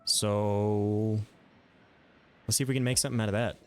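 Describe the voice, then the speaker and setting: A man giving live gameplay commentary, thinking aloud in a relaxed way with some mild swearing. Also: on the low side, normal speed, a little hiss or hum. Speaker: game streamer.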